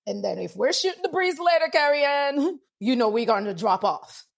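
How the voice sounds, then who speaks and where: A woman in her forties from Antigua, with a lightly Antiguan accent softened toward American speech, telling stories in a casual podcast conversation. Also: high voice, normal speed, creaky. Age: 40s. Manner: animated storyteller, quotes people in lively voices. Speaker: guest, lawyer and author.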